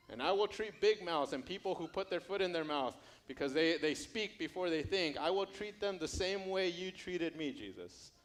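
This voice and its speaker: A man's voice: a little high, lightly acted. Man playing Peter, humble stammering fisherman. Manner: confessional, stammering restarts.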